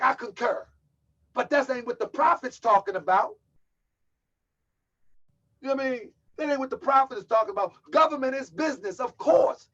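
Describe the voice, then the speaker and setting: A man giving emphatic preaching commentary as a religious teacher, slowing down and repeating lines for stress. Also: very high voice, fairly bright tone. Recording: dull lo-fi audio.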